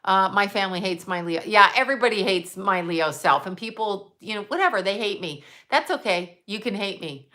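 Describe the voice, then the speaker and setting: A woman hosting a casual livestream, telling rambling, animated stories with blunt, profane asides. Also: mid-range voice, brisk, hardly any pauses. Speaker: psychic medium livestream host. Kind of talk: casual live-stream chat.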